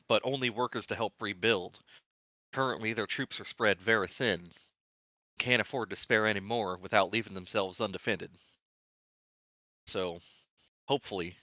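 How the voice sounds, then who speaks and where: Brief: a man playing an anxious, businesslike fantasy governor, low and bright-edged, dry close recording. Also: dry recording. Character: concerned middle-aged male town governor.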